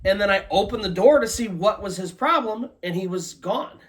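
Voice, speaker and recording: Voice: mid-range voice, animated, normal speed, natural voice. A storyteller voicing a shaken young boy recounting a strange event, in a ghost story. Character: upset young boy telling what he saw.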